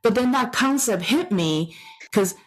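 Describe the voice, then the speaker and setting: A woman's voice: unhurried, rough recording. Middle-aged woman telling a personal story. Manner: animated, acts out dialogue in higher voices.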